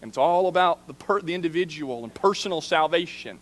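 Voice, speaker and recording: A man's voice: animated, a little fast. Earnest man preaching a sermon. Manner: earnest, drops to soft low emphasis on key phrases. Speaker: preaching minister. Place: church sanctuary.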